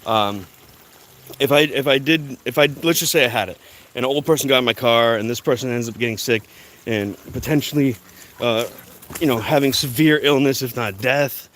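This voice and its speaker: A man's voice: mid-range voice, normal speed, a bit bright, slight background noise. A young man talking to his phone camera while walking outdoors, rambling with lots of fillers and restarts. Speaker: vlogger. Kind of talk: walk-and-talk vlog.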